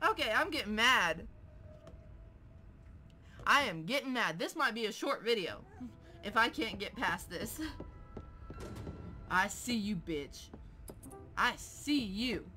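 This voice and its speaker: A woman playing a horror game who curses, shouts and laughs at jumpscares and taunts the monster. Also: medium pitch, lively intonation, takes it slowly, pauses often. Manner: taunts the game character mockingly. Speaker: gameplay streamer. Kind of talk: let's play commentary. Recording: faint game music behind.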